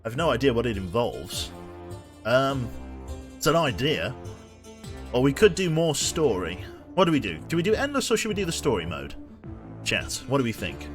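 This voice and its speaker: Lively young guy on stream, chatting to chat, music from the game playing behind him. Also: medium pitch, normal speed, long pauses. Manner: rambling, jokey, talks to chat. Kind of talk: casual live-stream chat.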